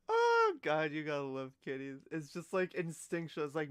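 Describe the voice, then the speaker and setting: A woman's voice: sits low, wildly swooping pitch, measured pace, smooth, dry recording, clean studio sound. A woman streamer in a casual live-stream reaction, giggly and gushing, often exclaiming and trailing off mid-sentence.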